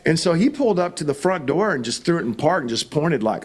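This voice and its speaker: Animated male pastor telling stories. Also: fairly high pitch, fast. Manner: animated, acts out quoted voices. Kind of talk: storytelling in an interview.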